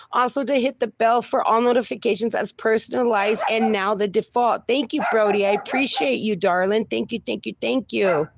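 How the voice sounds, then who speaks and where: A woman hosting a casual livestream from home, reading out viewer comments and greeting each person warmly with pet names like darling. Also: a little high, vocal fry, noisy background. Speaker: livestream host. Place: home with dogs.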